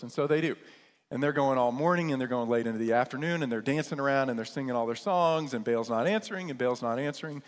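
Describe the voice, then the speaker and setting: A pastor preaching a sermon, retelling scripture as a lively story in casual modern terms. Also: male voice, mid-range voice, a little fast, long reverb tail.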